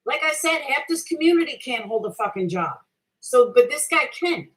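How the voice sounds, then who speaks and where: This is a rough recording of a middle-aged livestream host who combatively rants back at her chat, cursing a lot, defending herself and restating her point. She sits high with big pitch swings, a moderate pace and a slightly bright tone.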